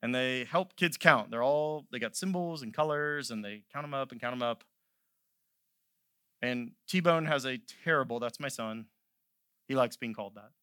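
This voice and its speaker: Male pastor, sermon, bright ringing voice, dry close sound, builds from quiet asides to loud fervent peaks. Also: mid-range voice, moderate pace, clean tone, no room sound. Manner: impassioned, swells from quiet to loud; conversational storytelling asides.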